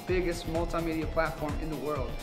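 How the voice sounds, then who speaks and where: A young man in a band answering interview questions earnestly about his faith, halting and restarting often. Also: a little high, fairly even intonation. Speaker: band member. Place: venue after a concert. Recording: music playing in background.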